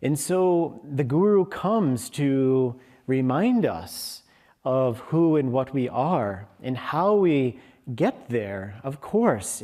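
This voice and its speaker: Man, sermon, slow, mid-pitched, storytelling. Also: warm tone. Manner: slow, storytelling, briefly acting out lion and sheep voices. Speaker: minister giving a Sunday service talk. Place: hall of a spiritual community.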